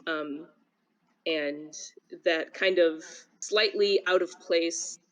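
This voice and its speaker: A woman describing her character as a player in a tabletop game, relaxed, with many ums. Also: on the low side, very slow, dull audio.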